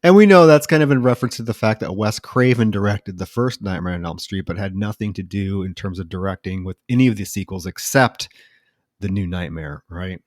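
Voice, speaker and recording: A man's voice: low-pitched, a little fast, no echo, clean studio sound. A man co-hosting a film podcast, recounting scenes casually and swearing now and then. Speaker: podcast co-host.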